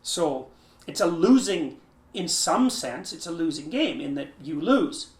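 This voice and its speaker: Guy, kinda high voice, explaining stuff with lots of emphasis and restarts, echoey room. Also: a little slow. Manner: emphatic, lively storyteller with frequent restarts. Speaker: interview guest, psychology professor. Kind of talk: thoughtful conversational explanation. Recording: roomy echo.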